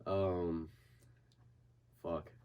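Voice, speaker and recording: A man's voice: deep voice, flat delivery, extremely slow, clear, resonant tone, muffled recording. A young man in casual podcast chat, telling a story full of swearing and acting out his friend's panic. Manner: swears constantly, acts out friends' panicked voices. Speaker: podcast guest, boxer.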